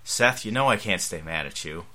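A man's voice: deep voice, animated, normal speed, bright, forceful tone, pitched below the performer's own voice, full character voice. A man reading fan fiction aloud and voicing a wry, easygoing father. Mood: quipping. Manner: wry, quipping. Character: easygoing joking adult dad Sandy.

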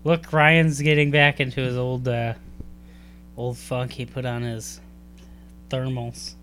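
A man's voice: medium pitch, flat delivery, takes it slowly, a bit bright, a little hiss or hum. A young adult man co-hosting a casual chat, joking and teasing and laughing often. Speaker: podcast co-host.

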